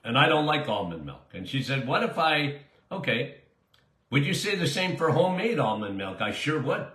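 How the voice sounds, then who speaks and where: A man's voice: medium pitch, very animated, normal speed, a bit bright, reverberant. An older man, a doctor answering listener questions in a chatty, emphatic way that drifts into tangents. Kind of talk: casual call-in style Q&A monologue.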